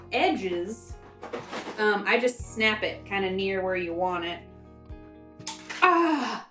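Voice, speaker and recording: A young woman from the American South, chatting and rambling while she cooks for her vlog. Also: on the high side. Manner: rambling, chatty, self-interrupting. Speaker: cooking vlogger. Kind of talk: casual cooking vlog chat. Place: home kitchen. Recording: echoey kitchen, mic far off.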